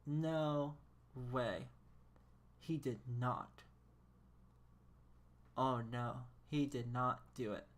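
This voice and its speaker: A woman's voice: rumbling low, steady tone, slow, pauses often. A woman streaming a game, chatting casually in a rambling, incredulous way and laughing often. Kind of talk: casual live-stream chat.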